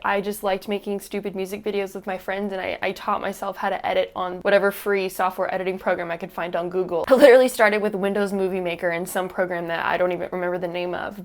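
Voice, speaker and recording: A woman in her twenties talking earnestly to camera in a heartfelt personal vlog, recorded at home on a camera mic. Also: on the low side. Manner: earnest and heartfelt, drawling y'all. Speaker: YouTuber.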